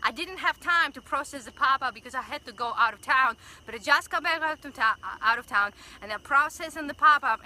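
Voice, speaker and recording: A woman hosting a Facebook Live stream, chatting excitedly with viewers and leading a prayer of thanks. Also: sits high, poor audio. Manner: excited, gushing, greets viewers by name. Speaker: community livestream host. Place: outdoors by a building, livestreaming. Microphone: phone livestream.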